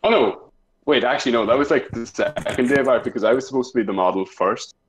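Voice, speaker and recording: A man's voice: medium pitch, quick pace, poor audio. A young man telling a school story in casual chat with friends, rambling through fillers and laughing often. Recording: faint background noise with clicks.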